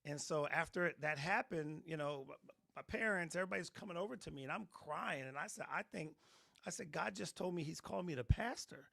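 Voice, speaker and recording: A middle-aged man, a pastor, telling his personal testimony in an interview with animated storytelling, acting out the voices of people in his story. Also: fairly high pitch, a little fast, vocal fry. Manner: animated storytelling, acts out quotes.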